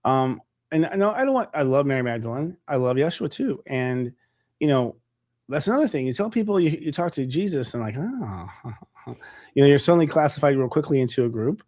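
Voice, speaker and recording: Fast-talking man hosting an interview. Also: medium pitch, expressive, darkish tone, dry recording, studio quality. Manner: quick, chatty, with filler words. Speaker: host. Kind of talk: conversational interview.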